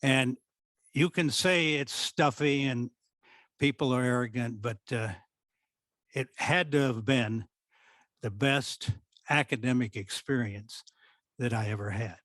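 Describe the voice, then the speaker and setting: A man's voice: mid-range voice, unhurried, long pauses, dry recording. An older man from the American Midwest, a former theatre director, telling stories from his career and acting out what people said. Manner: animated storyteller who acts out quoted speech. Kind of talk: storytelling reminiscence at a talk.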